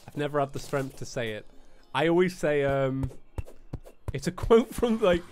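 A man's voice: on the high side, lively intonation, normal speed, a little mellow, soft background music. A British man hosting a live gaming stream, chatting casually, laughing often and acting out what other people say. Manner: laughs often, acts out others in quoted asides.

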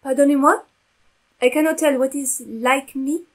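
An actress playing a shy young princess who speaks halting, broken English. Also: female voice, sits high, fairly even intonation, natural voice, low-quality recording. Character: French princess Catherine, young, shy and coy. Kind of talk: stage acting, short film.

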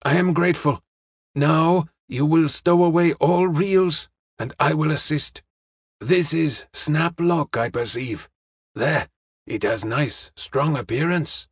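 A man's voice: fairly high pitch, slightly rough, dry recording, pitched above the performer's own voice, full character voice. A man voicing a courteous middle-aged male detective who speaks formally and evenly. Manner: polite, formal, measured.

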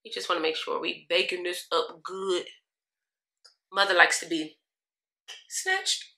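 Sassy chatty woman, bright echoey room. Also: lowish voice, big pitch swings, unhurried. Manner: sassy, chatty, laughs often. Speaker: beauty vlogger. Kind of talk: casual get-ready-with-me chat.

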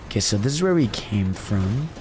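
A man's voice: fairly low pitch, very animated, normal speed, noisy background. A young man streaming a game from his room, chatting casually, humming tunes and cheering himself on. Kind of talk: casual gameplay commentary.

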